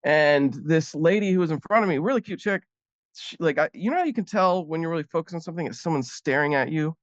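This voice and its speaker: A man's voice: a little high, animated, fast talker, dry recording, dull audio. A man, a guest comedian, telling a rambling story in casual chat with many fillers.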